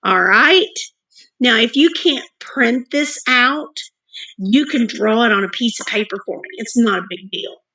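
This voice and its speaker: Slow, bright-voiced woman music teacher. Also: fairly high pitch, lively intonation, rough recording. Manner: slow, clear, sounding out words for young students. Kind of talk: recorded distance-learning lesson.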